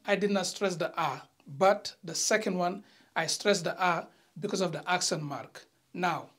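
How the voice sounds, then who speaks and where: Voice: medium pitch, fairly bright tone. Teacher giving a careful online lesson. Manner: slow, careful reading of example sentences; addresses viewers directly, light teasing. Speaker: language teacher.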